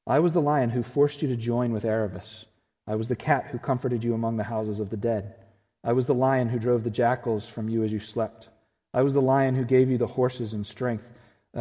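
A man voicing a large, majestic male lion, speaking slowly in a low, hushed and grave way, in a reverberant church. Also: natural voice.

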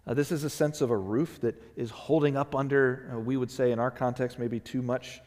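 A man preaching a sermon as a pastor, talking conversationally and acting out quotes in an animated way. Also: medium pitch, a little fast, big-room sound. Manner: conversational, animated storytelling with playful acted-out quotes.

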